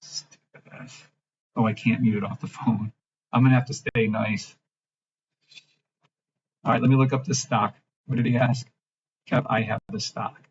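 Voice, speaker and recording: A man hosting a trading livestream, ranting in a brash, mocking, profane way and swinging between loud outbursts and low mumbling. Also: little pitch movement, moderate pace, long pauses, lo-fi sound, slight background noise. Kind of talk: live-stream rant and chart reading.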